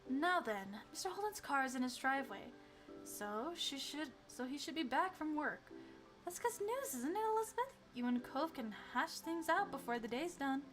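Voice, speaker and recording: A woman voicing a firm but caring mother in a story game, speaking calmly. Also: high-pitched, moderate pace, faint music behind.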